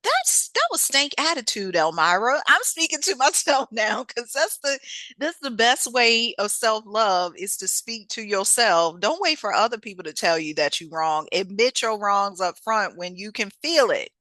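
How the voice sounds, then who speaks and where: A woman's voice: sing-song, moderate pace, bright, forceful tone, dry recording. A woman hosting a podcast, delivering an emphatic, folksy motivational monologue with frequent laughs and repeated key phrases. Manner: sudden swoops up in pitch for emphasis. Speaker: podcast host and author; singer and teacher.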